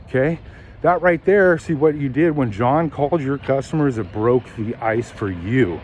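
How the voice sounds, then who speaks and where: A man who manages car sales, coaching on a walk and acting out phone calls in lively bursts. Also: medium pitch, dull audio, slight background noise. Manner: animated, acts out phone calls in quick bursts. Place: outdoors while walking.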